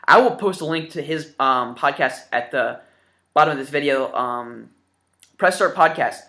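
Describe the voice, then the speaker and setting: A man's voice: fairly high pitch, lively intonation, moderate pace, bright, forceful tone. A man in his twenties hosting a casual gaming vlog, eager and rambling, with lots of ums. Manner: enthusiastic and rambling, with many fillers. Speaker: gaming YouTuber showing his new games.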